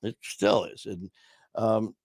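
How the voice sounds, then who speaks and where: A podcast host from Michigan, in his sixties, takes it slowly in a fairly low, steady, slightly mellow voice with a breathy edge, telling loose, profane stories full of "man" and "you know." The casual storytelling interview is recorded at studio quality with no room sound on a streaming podcast mic.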